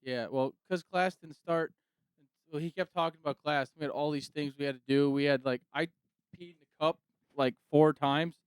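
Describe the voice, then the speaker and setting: A man's voice: fairly high pitch, steady tone, moderate pace, clean tone, no echo. A man co-hosting a casual podcast, telling work stories with quoted dialogue and frequent laughs. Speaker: podcast co-host. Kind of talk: casual chat.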